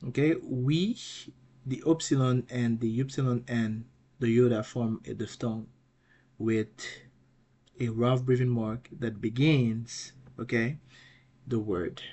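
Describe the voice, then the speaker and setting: A man teaching a pronunciation lesson, patient and slow, asking the viewer questions and repeating each word several times. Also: medium pitch, steady tone, warm tone. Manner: asks the viewer questions and answers them. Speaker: Greek teacher.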